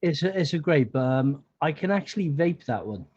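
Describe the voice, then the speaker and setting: A man in a casual live-stream chat, halting at first, then reading recipes out steadily. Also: on the high side, expressive, a little mellow, slightly rough. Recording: dull lo-fi call audio.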